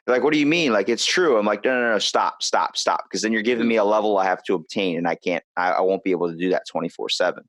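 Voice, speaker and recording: A man's voice: low-pitched, steady tone, fast, hardly any pauses, a bit bright, dry recording. An American man hosting a podcast, telling stories animatedly, acting out the people he quotes and swearing casually. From US East Coast. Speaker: podcast host.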